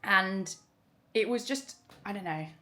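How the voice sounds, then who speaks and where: A woman's voice: medium pitch, a little slow, bright, forceful tone. A woman in her thirties, a vlogger talking candidly in casual chat, full of fillers. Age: 30s.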